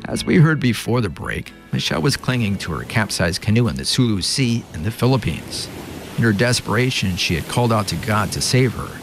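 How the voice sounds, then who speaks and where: A man's voice: lowish voice, sing-song, brisk, creaky, over music. A man hosting a broadcast interview, attentive and encouraging, introducing segments and prompting his guest. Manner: attentive, frequent soft encouragements. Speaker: radio host.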